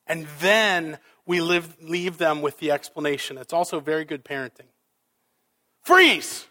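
A male pastor preaching a sermon, dramatic, with rhetorical questions and swings between loud and soft. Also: on the high side, steady tone, moderate pace.

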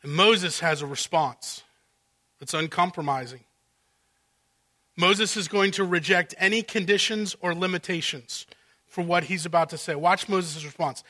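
A man's voice: high-pitched, a little slow, sharp tone. A male pastor preaching an expository sermon, walking through the text and acting out what the characters are really saying.

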